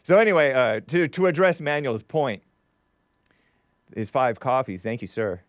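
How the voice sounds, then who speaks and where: A man's voice: mid-range voice, expressive, normal speed, dry recording. A man hosting a live talk stream, reading viewer chats with a wry tone and frequent laughs. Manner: wry, laughs often, trails off and restarts. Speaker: show host.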